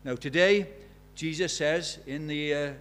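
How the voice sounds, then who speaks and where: A man preaching a sermon in a church, emphatic, asking rhetorical questions and swinging from loud to hushed. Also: a little high, unhurried, slight background noise.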